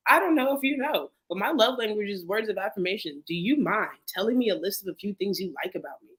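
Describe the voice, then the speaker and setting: A young woman, a podcast guest, talking fast and animatedly in casual conversation, often asking "you know what I'm saying.". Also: mid-range voice, expressive, a bit bright, poor audio. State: getting emotional.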